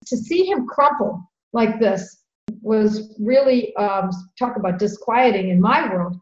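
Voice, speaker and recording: A middle-aged woman hosting a podcast, telling a story in an earnest, animated way and repeating phrases for emphasis. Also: a little high, measured pace. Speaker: podcast host. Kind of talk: conversational storytelling. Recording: roomy, dull lo-fi sound.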